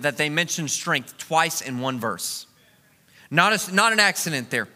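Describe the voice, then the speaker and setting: A man preaching a sermon, moving from a relaxed, joking personal story into emphatic preaching. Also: on the high side, measured pace, big-room sound.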